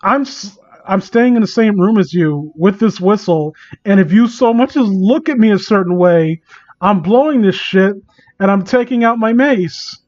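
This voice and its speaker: A man with a high voice reads fan fiction aloud for laughs. He keeps breaking off into sarcastic, incredulous, rambling commentary. The recording is dull and lo-fi. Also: lively intonation, moderate pace, darkish tone. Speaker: host reading fan fiction. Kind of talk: comedic dramatic reading with commentary.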